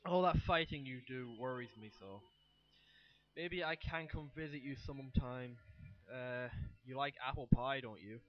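A man reading aloud as a frail, confused elderly mother in a horror game, in a soft, quavering voice. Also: mid-range voice, moderate pace, no echo, muffled recording, lightly acted. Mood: fond.

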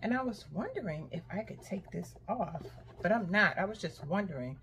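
A woman's voice: medium pitch, expressive, normal speed, fairly bright tone, a little hiss or hum. An older woman casually chatting to her viewers about her shopping haul, talking straight to them and squealing with delight. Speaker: haul vlogger.

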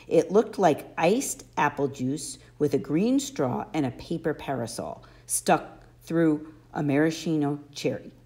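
A woman narrating an audiobook in an expressive first-person storytelling manner. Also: sits low, a little slow. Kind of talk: audiobook reading.

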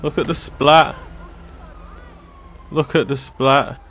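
A man, loudly commentating on a game with bursts of shouting and swearing. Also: mid-range voice, slow pace, noisy background. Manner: slangy, loud outbursts and swearing. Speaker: gaming video host. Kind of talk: excited gameplay commentary. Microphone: desktop USB microphone. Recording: game music playing under voice. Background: game music and sounds.

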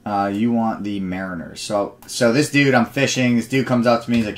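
A man's voice: medium pitch, fairly even intonation, fairly quick, hardly any pauses, slight background noise. A young man hosting a live card break stream, chatting with viewers and rambling into stories between picks.

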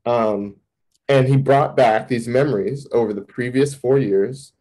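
A man, a campus minister, giving a candid personal testimony in an interview, telling it vividly with sudden jumps in pitch. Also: a little slow, mellow, poor audio.

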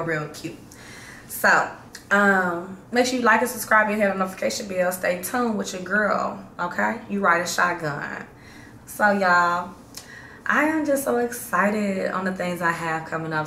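A woman's voice: fairly low pitch, pushed and bright. A woman from Chicago talking casually to her viewers in a slangy, chatty vlog update that gets hyped up. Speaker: vlogger. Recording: roomy echo, faint background hum.

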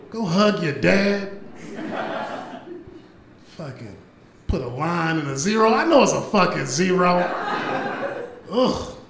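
A man doing a loud, animated stand-up comedy set in a club, with profanity and crowd work. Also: sits high. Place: comedy club stage before a live audience. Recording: echoey club with audience laughter.

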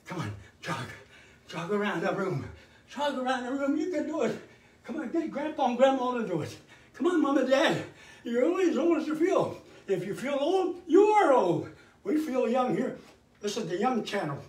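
A man's voice: very high voice, normal speed, recorded from a distance. An older man hosting a live fitness show, calling out counts and cheering viewers through the exercises. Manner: energetic, cheering coaching with counted cues. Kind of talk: live workout instruction. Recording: roomy sound from away from the mic.

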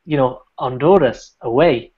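A man's voice: medium pitch, a little slow, breathy edge. A man co-hosting a casual discussion, laughing often and hedging with repeated restarts. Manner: laughs often and hedges with 'I think' and 'you know'. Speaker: podcast co-host. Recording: dull lo-fi recording.

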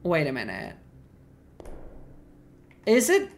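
A woman's voice: sits low, huge pitch swings, slow pace, gravelly, a little hiss or hum. A woman streamer commenting on gameplay live, reacting to chat with slang and swearing.

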